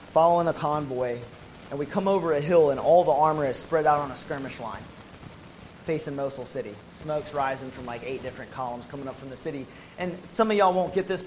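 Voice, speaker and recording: Animated American man telling a war story. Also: a little high, slight background noise, poor audio. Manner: animated, emphatic storytelling with casual slang. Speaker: former Marine medic telling his story. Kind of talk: personal testimony to an audience.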